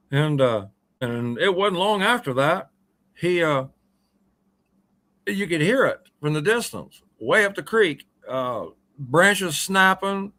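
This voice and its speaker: A man in his sixties, guesting on a radio show, tells a long, rambling, folksy story peppered with uhs and ums. His voice runs on the high side with a fairly bright tone.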